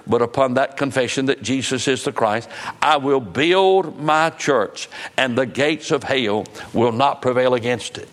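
A man preaching to his church congregation, slowing down when he quotes scripture. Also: medium pitch, fairly bright tone. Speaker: pastor. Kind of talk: sermon. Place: church sanctuary.

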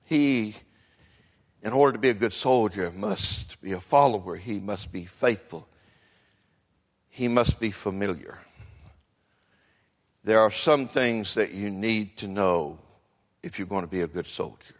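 An older man preaching a sermon, swinging between quiet talk and shouting. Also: on the low side, measured pace, pauses often. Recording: long echo of a large hall.

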